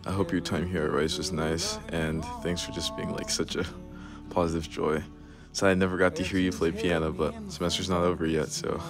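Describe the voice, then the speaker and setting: A young man with a very deep, monotone voice gives a casual goodbye message. Clear music sits behind his words. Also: brisk. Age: young adult. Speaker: college friend. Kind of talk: farewell message.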